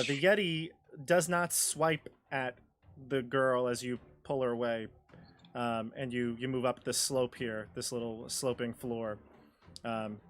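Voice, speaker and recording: An easygoing man runs a tabletop game as dungeon master, patiently walking the players through the rules. He speaks at a middling pitch and comes through a video call with a faint hiss behind him. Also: a bit bright.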